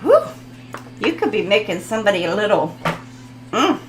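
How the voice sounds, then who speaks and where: A woman's voice: mid-range voice, big pitch swings, moderate pace, reverberant, rough recording. A woman giving a casual tarot reading, rambling, giggling and reading card text aloud. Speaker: tarot reader.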